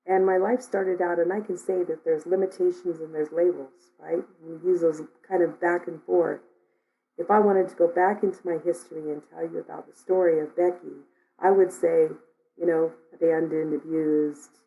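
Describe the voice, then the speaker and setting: A woman's voice: lowish voice, vocal fry, narrow, tinny audio. A woman minister giving a conversational sermon, telling stories and reading a daily word. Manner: storytelling, conversational.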